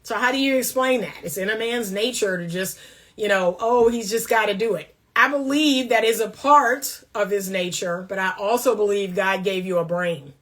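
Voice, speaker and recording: A woman's voice: medium pitch, fairly bright tone. A woman relationship coach giving blunt, emphatic faith-based commentary in a casual talk.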